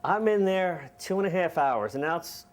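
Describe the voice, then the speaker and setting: A man's voice: fairly high pitch, animated. Self-mocking man telling a live story. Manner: casual, self-mocking, laughing through the story; acts out dialogue with quick voice shifts. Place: live event stage.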